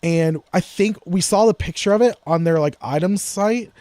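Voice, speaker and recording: A man co-hosting a casual gear podcast, rambling through quick asides and frequent restarts. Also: sits high, a little mellow, no echo. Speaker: podcast co-host. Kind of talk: casual gear-talk chat.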